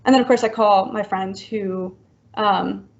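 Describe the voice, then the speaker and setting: A woman in her thirties talks through a personal story as a podcast guest, her speech halting and packed with likes and ums. Her voice has a gravelly, creaky texture, and the recording sounds muffled and lo-fi. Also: medium pitch, fairly even intonation. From Florida, US. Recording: dull lo-fi recording.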